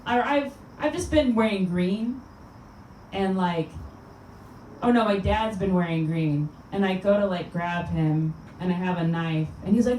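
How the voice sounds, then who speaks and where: A woman's voice: fairly low pitch, unhurried, darkish tone. Chatty rambling lady comic, small venue, far from the mic, faint noise. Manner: chatty, rambling, filler-heavy delivery. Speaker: stand-up comedian. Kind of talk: stand-up set. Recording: roomy sound from a distant mic.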